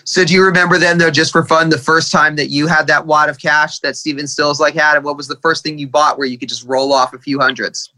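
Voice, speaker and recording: Man, podcast host, bright tone, slightly high, conversational, rambling questions. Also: little pitch movement, a little fast, few pauses. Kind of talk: interview questions.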